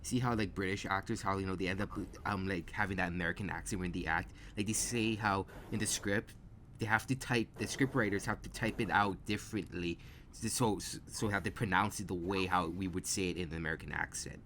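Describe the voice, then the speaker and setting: Brief: deep-ish male host, loose and rambling, faint hiss behind. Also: steady tone, fairly quick, fairly bright tone. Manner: rambling, many fillers and restarts. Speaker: podcast host. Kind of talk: casual chat.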